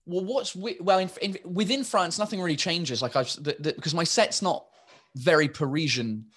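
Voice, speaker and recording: A man's voice: a little high, moderate pace, fairly bright tone, husky. An English man, a stand-up comedian, chatting in an interview and rambling with many restarts and fillers. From England. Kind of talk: casual interview chat.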